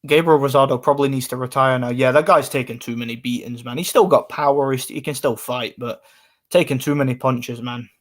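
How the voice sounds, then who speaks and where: A man's voice: medium pitch, fairly even intonation, a little fast. A man, casually chatting on a live stream and answering comments in a rambling way. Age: 20s.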